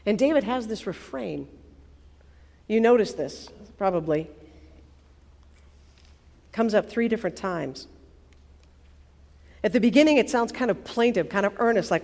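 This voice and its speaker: A woman preacher giving a sermon, expressive and prayerful, repeating phrases for emphasis. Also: mid-range voice, a little slow, gravelly, long pauses. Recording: long reverb of a large hall.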